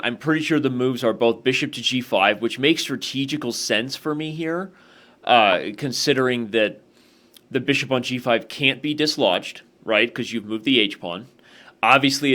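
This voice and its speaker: A man's voice: medium pitch, a bit bright. A man hosting an online chess game, thinking aloud through his moves in a casual, analytical way and talking straight to the viewers.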